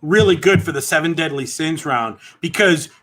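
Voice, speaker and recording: Bright playful man, joking podcast guest. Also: on the high side, moderate pace. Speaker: guest, former player. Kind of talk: casual podcast chat.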